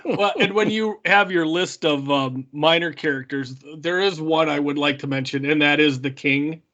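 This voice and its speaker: Chatty, slightly high-voiced podcast co-host. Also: male voice, moderate pace, pushed and bright, lo-fi sound. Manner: chatty, retells scenes with lots of "like" and "you know". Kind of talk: casual podcast chat.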